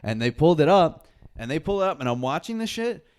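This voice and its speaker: A man's voice: on the high side, very animated, fast, darkish tone, smooth. A man from Long Island, co-hosting a podcast and telling a long, profane, rambling story. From Long Island, New York. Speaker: podcast co-host. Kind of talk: casual chat.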